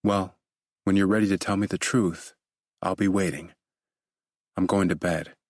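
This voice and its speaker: A man voicing an adult woman, a politician's wife, cold and clipped, sharp when upset. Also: sits low, steady tone, moderate pace, dry recording, clean studio sound.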